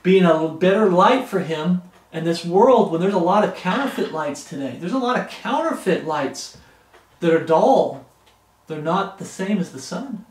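A man preaching in an earnest, pleading manner, his voice sitting noticeably high for a man. The recording carries the echo of a roomy space around him. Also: animated, moderate pace. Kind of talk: sermon.

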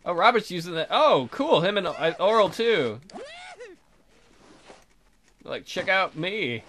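A man's voice: high-pitched, big pitch swings, slow, fairly bright tone. A man hosting a let's play, chatting casually and joking crudely about his game characters.

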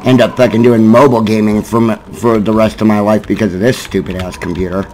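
A man's voice: flat delivery, fast, soft background music, low-quality recording. Cursing, frustrated man gaming. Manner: frustrated, swearing at the game; yelling in sudden high bursts. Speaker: gaming YouTuber. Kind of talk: gameplay commentary.

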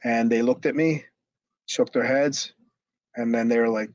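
A middle-aged former wrestler telling a story in an interview, rambling with many fillers and swearing. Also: male voice, mid-range voice, steady tone, a little slow, long pauses, no echo. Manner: rambling, many fillers, swears, acts out others' shouted lines. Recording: dull lo-fi dry sound.

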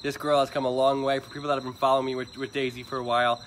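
A man's voice: mid-range voice, little pitch movement, racing, fairly bright tone. A man chatting casually to livestream viewers outdoors at an animal shelter, often sweet-talking a dog. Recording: noisy outdoor phone livestream. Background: crickets and insects.

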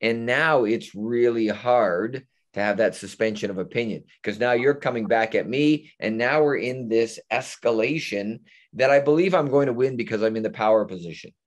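A man's voice: medium pitch, normal speed. A man presenting on a webinar, talking with his hands and acting out example sentences as he explains over a video call. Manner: animated hand talker, acts out example sentences. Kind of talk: explanatory panel talk.

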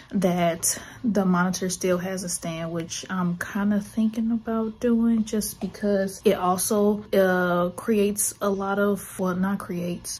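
A woman's voice: medium pitch, darkish tone, slight background noise. A woman who runs a small art shop, out of breath, chatting casually in a vlog from her home office and often correcting herself. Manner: rambling, self-correcting. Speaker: artist running a small online shop.

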